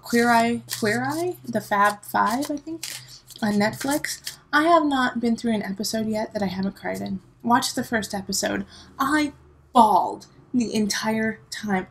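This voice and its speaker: A woman's voice: on the high side, moderate pace, creaky, slight background noise, low-quality recording. A woman in her thirties giving a casual monthly tarot reading, chatty and emotional, talking straight to her viewers. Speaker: tarot reader.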